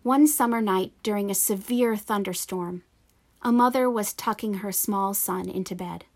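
Woman pastor preaching a sermon. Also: mid-range voice. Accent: Pennsylvania. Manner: measured, earnest preaching.

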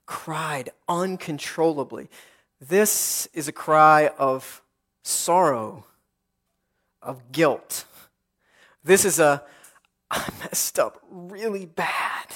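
A man as pastor, preaching a sermon in an earnest, rhythmic way with repeated phrases and dramatic pauses. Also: on the high side, a bit bright.

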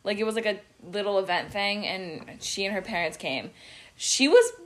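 A woman's voice: mid-range voice, normal speed. A young woman hosting a casual chat, bubbly and slangy. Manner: bubbly, slangy, laughs often. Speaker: host.

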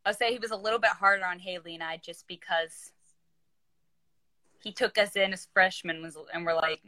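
Young woman, casual chat, animated storyteller, bright voice, dry close sound, video call. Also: fairly quick, no echo. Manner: animated storyteller, acts out quoted voices with big pitch jumps. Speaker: former player, guest.

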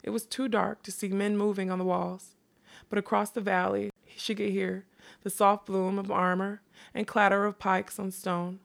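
A woman reading a fantasy novel aloud in an unhurried way, dropping in quick casual asides. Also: mid-range voice, little pitch movement, creaky. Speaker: reader.

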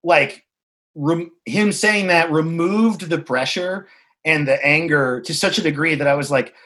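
A man with a voice on the higher side speaks candidly in conversation. He tells a personal story in a frank, reflective way, dropping swear words freely and halting to find his words. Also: fairly bright tone.

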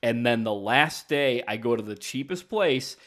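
A man's voice: medium pitch, lively intonation, measured pace, fairly bright tone. A man co-hosting a podcast, telling rambling travel stories in casual chat and mocking himself. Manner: rambling storyteller, self-mocking. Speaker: podcast co-host.

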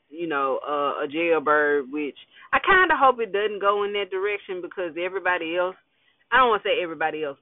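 A man's voice: on the high side, no echo. A man casually recapping a TV episode, slangy, laid-back and wry, with lots of fillers and asides. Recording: dry tinny phone-like audio.

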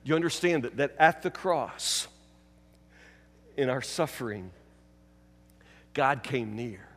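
A pastor giving a sermon, preaching emphatically and repeating key phrases, dropping from loud to hushed. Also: male voice, mid-range voice, lively intonation, takes it slowly, big-room sound.

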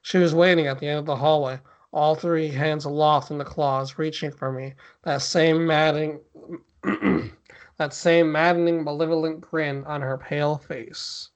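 A man reads a spooky story aloud for his podcast. His voice sits a little high, and he plays the lines with mock drama, now and then breaking off to chat and laugh. The audio is dull and lo-fi. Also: steady tone, moderate pace, few pauses. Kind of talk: casual podcast story reading.

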